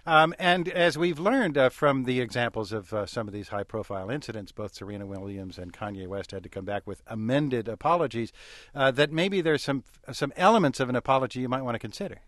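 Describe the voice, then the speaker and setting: A man hosting a radio call-in show, speaking in a measured, hesitant way with frequent fillers. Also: medium pitch, animated, fairly bright tone, no room sound, clean studio sound.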